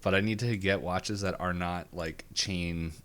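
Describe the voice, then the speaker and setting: A man's voice: deep voice, steady tone, unhurried, fairly bright tone, clear, resonant tone. A man co-hosting a casual podcast, recapping a cartoon episode, laughing often and acting out characters' lines in silly voices. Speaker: podcast co-host. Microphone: video call or webcam setup.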